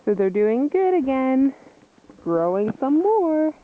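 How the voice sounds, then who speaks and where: A woman talks slowly to the camera while filming her puppies outdoors. Her voice sits high and swings widely, breaking into coos and laughs. The sound is thin and phone-like. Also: sing-song, slight background noise. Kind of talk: casual video narration. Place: outdoors in snow and slippery weather.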